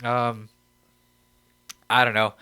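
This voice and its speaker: A man co-hosting a casual comedy podcast, rambling in slang, laughing often and breaking into high squeaky impressions. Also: monotone, very slow, bright, forceful tone, clean tone, dry recording. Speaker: podcast co-host.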